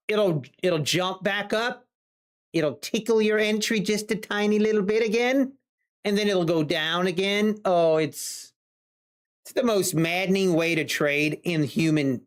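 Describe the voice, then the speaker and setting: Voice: mid-range voice, unhurried. A day trader talking to a live-stream chat, muttering exasperated complaints and playful teasing.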